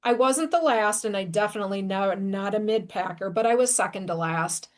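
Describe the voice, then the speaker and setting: A woman podcast host telling a self-deprecating story about her first trail race in a lively, conversational way. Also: mid-range voice, a little fast. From Wisconsin, USA. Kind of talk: casual storytelling.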